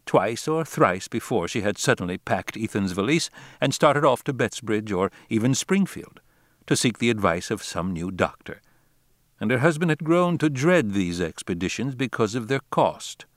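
Low-voiced man reading an audiobook. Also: expressive, dry recording, clean studio sound. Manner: measured, deliberate reading. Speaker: narrator. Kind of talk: audiobook narration of a classic novel.

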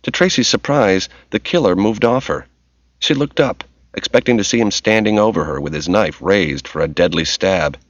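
A man giving steady, measured scripted narration of a novel, in a dull, lo-fi audiobook recording. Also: on the low side, no room sound.

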